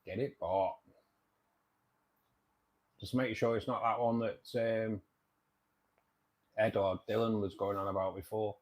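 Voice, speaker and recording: A chatty man hosting a casual livestream, talking over viewer comments with a jokey, repetitive patter. His voice sits a little on the low side for a man. He sounds relaxed and at home at his computer. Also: unhurried, pauses often. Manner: chatty, jokey, repeats himself.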